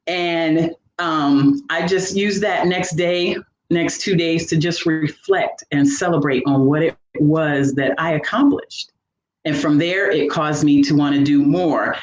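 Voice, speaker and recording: A woman, a fitness coach and veteran, telling her personal story in a lively, motivational way during a live interview. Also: low-pitched, measured pace, dull audio. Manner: animated, motivational, acts out her own inner voice. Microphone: live video call. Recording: echoey room with faint background noise.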